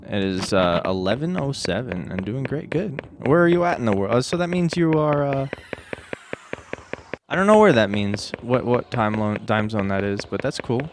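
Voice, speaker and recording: A man's voice: medium pitch, lively intonation, moderate pace, very noisy. A man chatting casually with viewers on a live stream, rambling and self-deprecating. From United States.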